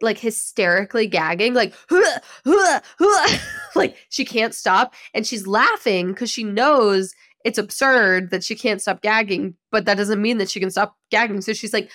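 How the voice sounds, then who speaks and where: A woman in her thirties hosts a podcast in a loose, casual solo chat. She tells stories in an animated, chatty way and breaks into laughter often. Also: mid-range voice, normal speed. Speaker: podcast host.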